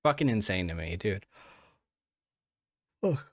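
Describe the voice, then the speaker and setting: A man's voice: medium pitch, normal speed, fairly bright tone, smooth, dry recording, clean studio sound. A man hosting a solo podcast while sick and worn out, rambling and swearing with many restarts and fillers. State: sick and fatigued, yawning. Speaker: podcast host. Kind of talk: casual solo podcast monologue.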